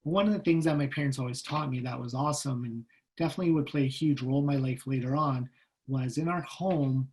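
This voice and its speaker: Lively storytelling man on a video call. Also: medium pitch, a little fast, slight background noise, poor audio. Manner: lively, humorous, acts out voices in his stories. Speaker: guest speaker. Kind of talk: personal storytelling talk.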